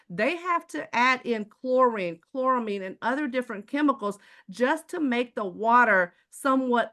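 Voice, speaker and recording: A woman giving a persuasive live-stream sales pitch, asking her viewers questions. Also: fairly bright tone. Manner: persuasive, asks the audience questions. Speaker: water filter presenter.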